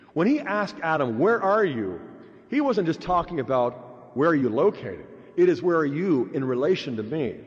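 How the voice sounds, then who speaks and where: Male preacher, highish lively voice, dull hall recording with long echo. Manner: animated, acts out voices in stories. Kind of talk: sermon with storytelling.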